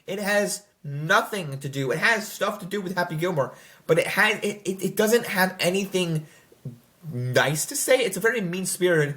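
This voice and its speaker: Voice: medium pitch, big pitch swings, moderate pace, fairly bright tone. A young adult film reviewer in casual, rambling commentary, full of fillers and self-corrections, who slips into mocking quoted voices.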